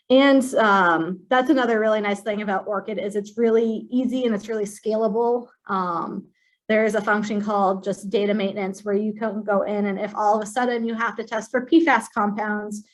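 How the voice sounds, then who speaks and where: A woman presenting a software walkthrough in a webinar, speaking plainly with many um fillers. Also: mid-range voice, poor audio. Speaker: compliance staff presenting software.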